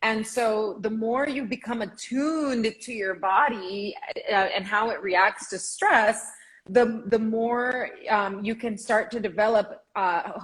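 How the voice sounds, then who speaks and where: A woman's voice: on the high side, poor audio. A woman co-hosting a casual live stream, explaining with many fillers. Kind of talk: casual chat.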